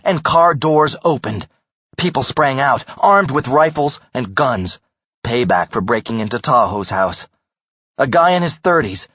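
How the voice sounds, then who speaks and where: A man narrating a first-person audiobook thriller in a dramatic, expressive way. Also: mid-range voice, slightly rough, dry recording. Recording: dull, dry audiobook recording.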